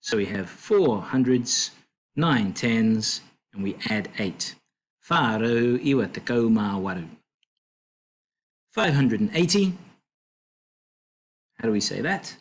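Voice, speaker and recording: A man tutoring a language lesson, explaining slowly and patiently with fillers and self-corrections. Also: medium pitch, big pitch swings, breathy edge.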